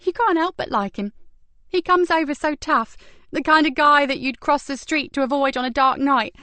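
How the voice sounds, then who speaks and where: A woman reading an audiobook and voicing an earnest young female detective in a brisk, animated way. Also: sits high, no room sound, voice pushed up.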